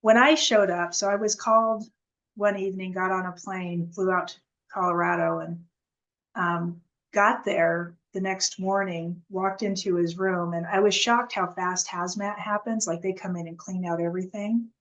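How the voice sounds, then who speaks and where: A woman as an interview guest, telling her story earnestly in a halting, casual way with many restarts. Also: fairly low pitch, fairly even intonation, a bit bright, highs cut off.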